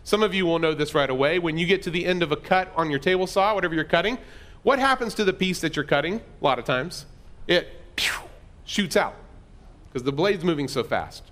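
A man's voice: on the high side, brisk, a bit bright. A middle-aged man pastor telling a personal story in a conversational, self-deprecating sermon.

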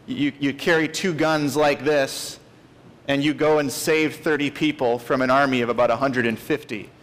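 A man's voice: mid-range voice, fairly even intonation, moderate pace, fairly bright tone. A man in his late thirties preaching a sermon as pastor, earnest and emphatic, stressing key words. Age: 30s.

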